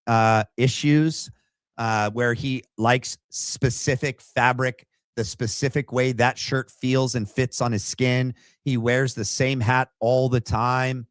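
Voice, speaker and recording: A man's voice: medium pitch, dry recording. A man hosting a livestream from his computer, talking through his opinions in a loose, conversational way and reacting to viewer chat. His voice sits in a middling register and comes across close and dry, with no room sound around it. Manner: opinionated and conversational, thinks aloud. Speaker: podcast host.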